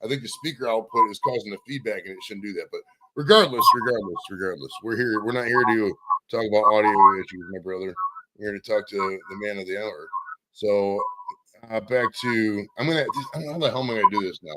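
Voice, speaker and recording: A man's voice: lowish voice, fast talker, heavy background noise. A man hosting a live-streamed interview show, talking casually and cursing while he fights with his audio setup. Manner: casual, profane, flustered by audio trouble. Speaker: podcast host. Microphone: streaming setup with computer mic.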